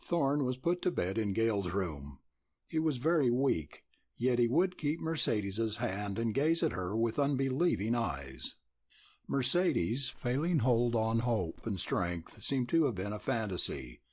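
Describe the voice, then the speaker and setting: A male narrator reads an audiobook expressively. His voice is husky, and his pitch moves widely through the sentences. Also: very animated, a little slow, darkish tone. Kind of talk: scripted narration.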